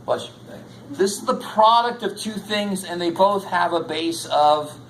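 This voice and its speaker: A man's voice: high-pitched, measured pace, fairly bright tone, poor audio. A man teaching a college math class in a lecture, casual and jokey, swearing now and then. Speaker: math instructor.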